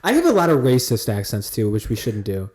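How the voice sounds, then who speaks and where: A man's voice: mid-range voice, wildly swooping pitch, quick pace, darkish tone. A man hosting a casual comedy podcast, joking around and trying out silly put-on accents. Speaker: podcast host.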